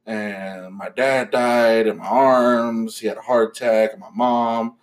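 A man retelling a subdued, halting male caller. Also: lowish voice, fairly even intonation. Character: troubled male caller recounting grief, flat and musing.

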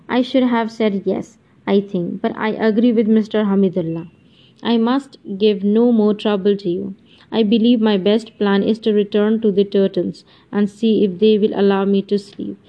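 A woman's voice: mid-range voice, fairly even intonation, moderate pace, lightly acted. A woman reading the lines of a reserved, earnest young Englishwoman in an audiobook, muffled audio.

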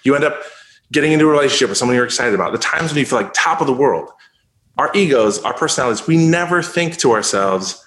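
A man's voice: mid-range voice, animated, fast, a bit bright, echoey room. A man speaking as a guest in an interview, rambling and full of "like" as he encourages people through hard times. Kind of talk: casual interview talk.

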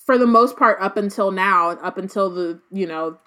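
A woman's voice: mid-range voice, normal speed, sharp tone. A woman co-hosting a casual book podcast, summarizing and discussing chapters in a chatty way with many fillers. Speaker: podcast co-host.

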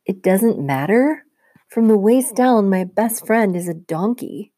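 A woman's voice: mid-range voice, expressive, unhurried, warm tone, no room sound, studio quality, voice pushed up. A woman voicing a bewildered twelve-year-old boy who fires off incredulous questions.

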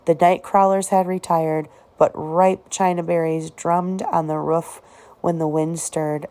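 A woman reading a novel aloud as an audiobook, in a steady, unhurried storytelling manner. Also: sits low. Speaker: audiobook reader.

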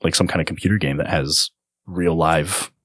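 A man's voice: extremely low pitch, fairly even intonation, moderate pace, fairly bright tone, slightly rough, no room sound, studio quality. A man co-hosting a casual podcast chat, rambling with lots of fillers. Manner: rambling, filler-heavy, self-conscious. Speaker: podcast co-host.

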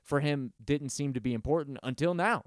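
Casual male podcaster, smooth resonant tone, dry close mic, swears freely. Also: brisk, no echo. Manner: profane, rambling, mimics singers in high mocking voices. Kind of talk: casual chat.

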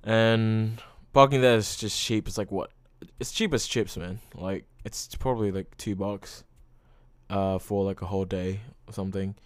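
A man's voice: lowish voice, steady tone, moderate pace, dry recording. A young man hosting a casual solo podcast, rambling loosely with lots of fillers and frequent swearing. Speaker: podcast host.

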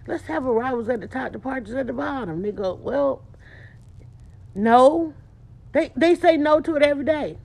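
High-pitched yet dark and gravelly, this woman's voice is expressive and quick, with hardly any pauses. She's a small business owner rattling off a casual, slangy monologue, preaching emphatically and repeating her points over and over.

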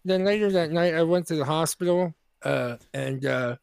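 A man tells a rambling story on a podcast, trips over his words, and restarts his sentences again and again. His voice sits a bit high for a man. The recording is dry and close to the mic. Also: normal speed, vocal fry, a little mellow, smooth, no room sound. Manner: rambling, full of restarts, acts out quoted voices. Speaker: podcast co-host. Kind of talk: casual storytelling chat.

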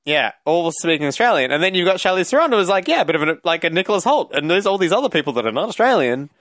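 A man co-hosting a casual film chat, talking eagerly in quick bursts and laughing between thoughts. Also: high voice, big pitch swings, fairly bright tone, no echo, clean studio sound. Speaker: podcast co-host.

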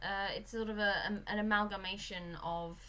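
A woman's voice: mid-range voice, moderate pace. A woman from England, chatting casually as a podcast guest and laughing often. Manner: animated, laughs often, slips into mimicry. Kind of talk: casual chat.

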